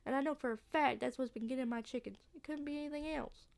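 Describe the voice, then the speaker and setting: A woman voicing a gruff old backwoods landowner in a put-on Southern drawl, grumbling and scolding. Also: sits high, fast talker, a little mellow. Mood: stubborn.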